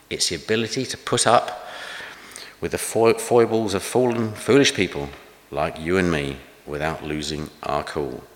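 Older man preaching, low voice, chatty and self-deprecating, long hall reverb. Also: a bit bright. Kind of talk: conversational sermon with anecdotes.

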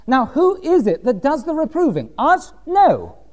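A man preaching a sermon, reading scripture slowly and pressing his points with emphatic rhetorical questions. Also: extremely high pitch, wildly swooping pitch, a little mellow.

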